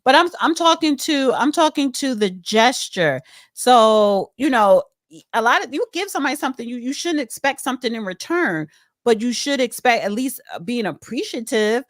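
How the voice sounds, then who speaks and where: A woman's voice: on the high side, expressive, normal speed, no room sound, clean studio sound. A woman co-hosting a talk show, chatting in a casual way and often restarting her sentences. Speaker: co-host.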